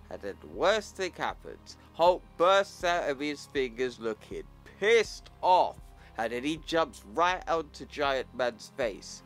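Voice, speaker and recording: A man's voice: on the high side, big pitch swings, takes it slowly, a bit bright, soft background music. A man casually recapping a comic book, talking in slang with some swearing. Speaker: YouTuber.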